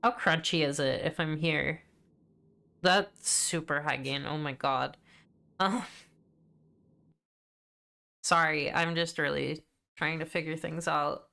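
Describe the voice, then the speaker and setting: A woman's voice: deep voice, fairly even intonation, takes it slowly, creaky, pauses often, sharp tone. A young woman streaming a game, chatting casually and fussing over her audio settings during a mic check.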